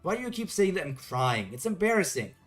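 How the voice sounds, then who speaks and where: A man's voice: high-pitched, sing-song, fairly quick, soft background music. A man reading aloud as a feisty sixteen-year-old girl, protesting indignantly. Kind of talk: reading comic dialogue aloud.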